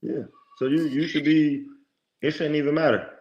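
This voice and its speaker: Homme au ton emphatique de prédicateur, son un peu étouffé. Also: male voice, fairly high pitch, steady tone, moderate pace, a little mellow, highs cut off. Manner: emphatic, preachy, lots of quoted self-talk. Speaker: podcast guest, motivational speaker. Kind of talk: conversational interview talk.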